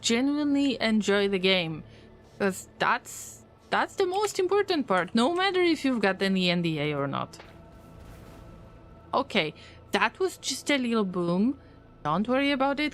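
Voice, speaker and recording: A gaming streamer with a fairly high-pitched, fairly bright voice chats casually with viewers during play. She's playful and teasing, answering their messages with jokes.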